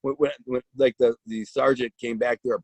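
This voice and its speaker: A man's voice: medium pitch, flat delivery, normal speed, a little mellow, no room sound, poor audio. A man casually telling his own story in blunt street slang, with frequent restarts.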